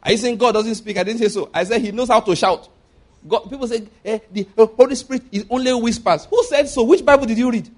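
Preacher guy, pretty high voice, animated, laughs a lot, does little voices. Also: quick pace. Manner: lively, laughing often, acts out quoted voices. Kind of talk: sermon.

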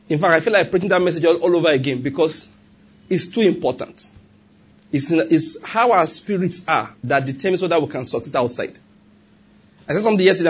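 With a Nigerian accent, a man preaches a sermon as pastor, animated and humorous, putting rhetorical questions to the congregation. His voice is high with a breathy edge.

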